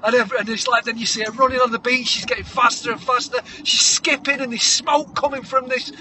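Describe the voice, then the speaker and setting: A man telling a comic story, acting scenes out with shouted voices. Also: very high voice, level tone, quick pace, background noise. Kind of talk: comedic improvised storytelling.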